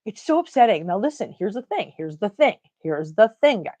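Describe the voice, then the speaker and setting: Very animated and a little fast, a middle-aged woman with a warm, mid-range voice hosts a relaxed livestream, cracking jokes as she reads out viewer comments.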